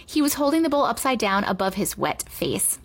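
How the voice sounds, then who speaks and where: A woman reads a children's book aloud, her voice lively and swooping with expression. It sits a little high and has a husky, slightly breathy grain. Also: brisk. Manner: expressive, animated storytelling. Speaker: reader.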